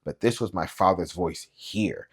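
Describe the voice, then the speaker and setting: Deep-voiced man reading a novel aloud. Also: unhurried, husky. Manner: quiet, low-key, even narration. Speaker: booktube reader.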